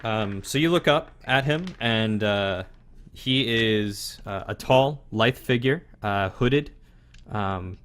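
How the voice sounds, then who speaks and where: A man's voice: lowish voice, takes it slowly, a bit bright. A man narrating as game master of a tabletop game, hesitant and full of fillers. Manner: hesitant, lots of fillers, chuckling.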